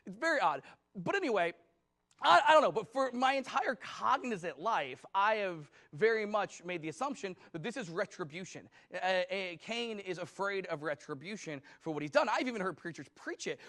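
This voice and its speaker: A male pastor with a high-pitched voice delivers a loose, conversational sermon. He rambles casually, leaning on filler words as he works through his points. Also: lively intonation, brisk, a bit bright.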